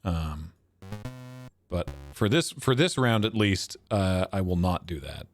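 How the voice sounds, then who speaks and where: A man's voice: deep voice, lively intonation, slow. A man streaming a geography guessing game, thinking aloud and poking fun at his own guesses. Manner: thinking aloud, self-mocking, chuckling. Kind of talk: casual livestream commentary.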